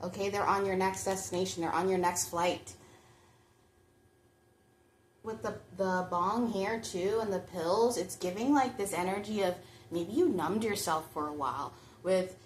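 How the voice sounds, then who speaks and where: A woman's voice: mid-range voice, normal speed, hardly any pauses, reverberant, slight background noise. A woman giving a chatty pick-a-card tarot reading, talking straight to her viewers. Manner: chatty, reflective, addresses viewers directly. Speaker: tarot reader.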